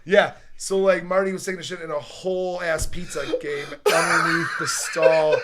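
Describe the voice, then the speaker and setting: A man's voice: on the high side, steady tone, moderate pace, over a noisy crowd. A man who is a podcast guest, telling profane stories in casual chat and laughing through them. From Wisconsin. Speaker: podcast guest, former strip club DJ.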